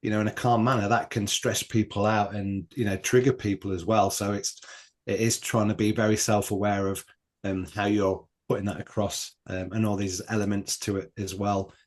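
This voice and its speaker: A man in relaxed podcast conversation, thinking out loud about his own experience and pausing on ums. His voice sits fairly low. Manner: reflective, shares personal experience with many ums. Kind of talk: casual podcast discussion.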